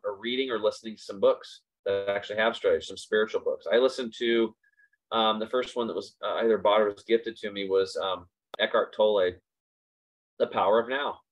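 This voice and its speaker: A man hosting a casual motivational talk, speaking emphatically and repeating his points for stress. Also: medium pitch. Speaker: host. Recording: slightly dull lo-fi recording.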